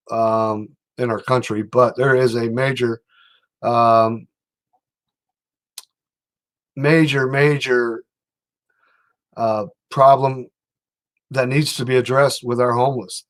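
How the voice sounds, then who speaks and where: A man's voice: mid-range voice, fairly bright tone. A man hosting a casual livestream, rambling and reading out viewer comments as he talks. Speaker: livestream host.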